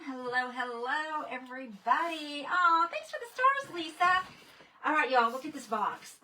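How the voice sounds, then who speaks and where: Woman hosting a chatty livestream, bright voice, sits back from the mic. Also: sits high, animated, measured pace. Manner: chatty, greets viewers by name. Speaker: livestream host. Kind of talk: casual livestream chat. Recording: distant from the mic, faint noise.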